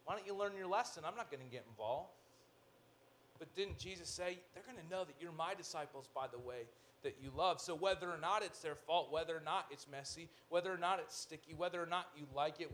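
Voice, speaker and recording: A male pastor preaching a sermon in an animated way, with joking asides, swinging from loud to hushed. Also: high-pitched, slight background noise.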